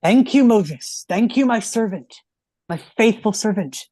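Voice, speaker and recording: A man voicing God as a gentle, grateful male deity, speaking in a warm, measured way. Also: high voice, animated, no room sound, pitched above the performer's own voice.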